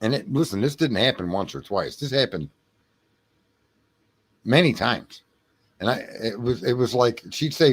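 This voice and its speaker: A man hosting a late-night livestream, telling a rambling story with lots of swearing, laughter and throat clearing. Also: medium pitch, expressive, a little slow, pauses often. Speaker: livestream host. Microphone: home streaming mic.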